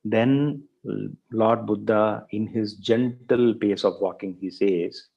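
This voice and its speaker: Male professor, low voice, loose storytelling lecture full of fillers. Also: fairly even intonation, slow, gravelly, slightly rough, highs cut off. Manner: frequent fillers, repeats words, thinks aloud.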